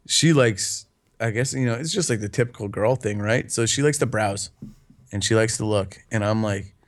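A man's voice: fairly low pitch, normal speed. Rambling, profane young man chatting. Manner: rambling, profane, laughs often. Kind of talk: casual chat.

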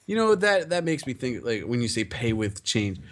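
A man's voice: mid-range voice, sing-song, moderate pace, fairly bright tone, a little hiss or hum. A young man rambling through a story in casual chat, acting out the dialogue and swearing often.

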